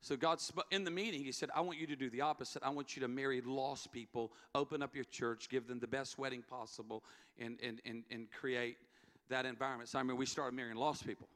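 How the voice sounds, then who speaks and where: A man's voice: medium pitch, fairly even intonation, a little fast, fairly bright tone. A middle-aged man, a pastor, telling a story in an earnest sermon, repeating key words for emphasis. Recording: long hall reverb, faint music. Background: faint music.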